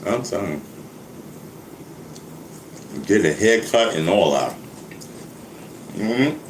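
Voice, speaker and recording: Laid-back rapper dude rambling and laughing, roomy echo, faint hum behind. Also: male voice, low voice, expressive, slow pace. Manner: laid-back, laughing, keeps saying "you know what I mean". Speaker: rapper and vlogger. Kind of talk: casual rambling monologue.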